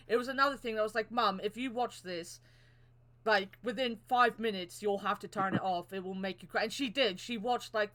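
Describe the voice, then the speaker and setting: Young girl on a podcast, bright voice, swears a lot, gets emotional easy. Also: mid-range voice. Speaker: podcast co-host. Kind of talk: casual chat.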